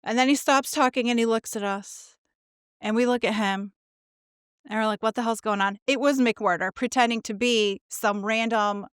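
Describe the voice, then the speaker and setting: Brief: woman podcast co-host, animated storyteller, higher voice, dry close mic. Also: normal speed, smooth, no room sound. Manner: animated storyteller, acts out quotes, swears. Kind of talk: casual storytelling chat.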